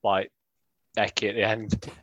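A man's voice: fairly low pitch, flat delivery, a little slow, a bit bright, no echo. A man chatting about football as a podcast co-host, joking and mimicking others. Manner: joking, mocks others in a whiny voice. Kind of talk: casual chat.

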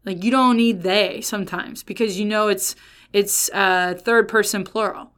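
A woman's voice: mid-range voice, steady tone, measured pace, fairly bright tone. Chatty, emphatic woman teaching Scripture. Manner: chatty, emphatic, self-interrupting. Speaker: Bible teacher. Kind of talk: casual Bible teaching.

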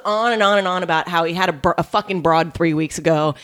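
Brief: woman comic, quick and lively storyteller, slightly low voice, plays every character in her tale. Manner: animated, acts out quoted voices with big pitch jumps. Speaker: comedian guest. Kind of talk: casual storytelling on a podcast.

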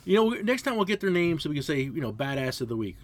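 Loud, profane man telling stories. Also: a little high, very animated, fast. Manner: loud, profane storytelling, shouting bits of his stories. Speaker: podcast co-host, mechanic. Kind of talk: casual podcast chat.

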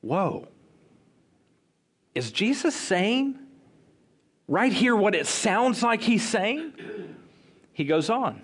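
A man preaching a sermon, slow and emphatic, with dramatic pauses. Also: sits high, big pitch swings, a bit bright, breathy edge.

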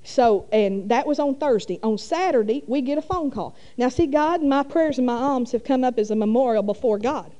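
Middle-aged woman, warm mellow tone, folksy rambling church testimony. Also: sits high, moderate pace, few pauses, dull audio. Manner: folksy rambling with many fillers. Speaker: church speaker. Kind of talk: testimony storytelling.

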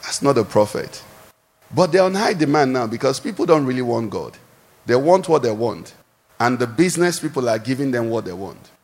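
A man preaching a sermon, animated, posing questions for the congregation to answer, recorded in a large church hall. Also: medium pitch, a little fast. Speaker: pastor. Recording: echoey hall with long reverb.

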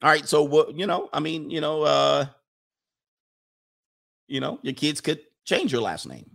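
Reading his viewers' chat messages, this stream host speaks at a measured pace in a fairly high, fairly bright voice with vocal fry. He rambles and jokes casually, often answering himself.

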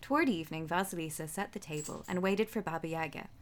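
A woman reading a folk tale aloud, with relaxed, chatty asides. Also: lowish voice, quick pace. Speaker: storyteller.

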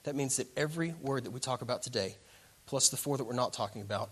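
A man preaching a sermon at a middle pitch. He swings from loud emphatic declarations to near-whispered lines, and he slows right down on key phrases. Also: breathy edge. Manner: dramatic swings between loud emphasis and hushed tones. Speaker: pastor.

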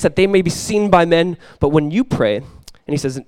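A man's voice: a little high, moderate pace, a little mellow, dry recording. A young adult male pastor giving a conversational sermon, joking and acting out little quotes.

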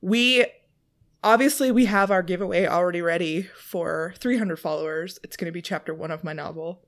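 A woman co-hosting a podcast in casual chat, playful and quick to laugh. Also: fairly low pitch. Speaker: podcast co-host.

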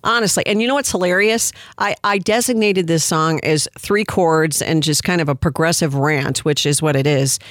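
A man's voice: on the high side, moderate pace, hardly any pauses, fairly bright tone, no room sound, clean studio sound. A man giving mocking, incredulous commentary on a song and reading its lyrics aloud. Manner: mocking, incredulous, laughing asides.

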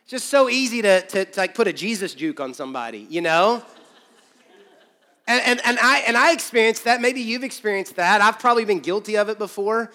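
A man's voice: high voice, expressive, a little fast, bright, forceful tone, in a large hall. A man pastor preaching a conversational sermon, joking and acting out quoted voices.

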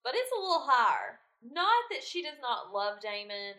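A woman's voice: fairly high pitch, big pitch swings, normal speed, pushed and bright. A woman co-hosting a podcast, chatting casually and giving opinions on a TV show. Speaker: podcast co-host. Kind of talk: casual chat about a TV show.

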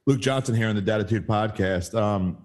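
Male podcast host, lowish voice, casual sports chat with plenty of restarts. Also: fairly quick. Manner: conversational, rambling with restarts.

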